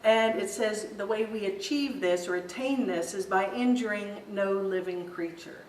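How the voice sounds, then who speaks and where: A woman's voice: mid-range voice, normal speed, darkish tone. A woman giving an informal spiritual talk to a group in a meeting room, telling stories in a chatty way and laughing easily. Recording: roomy echo, distant mic, faint hiss.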